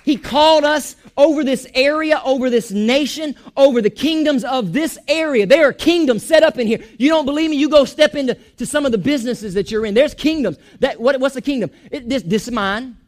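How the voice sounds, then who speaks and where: A man preaching a sermon in a church, animated, joking and going off on asides. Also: extremely high pitch, brisk, few pauses. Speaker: pastor.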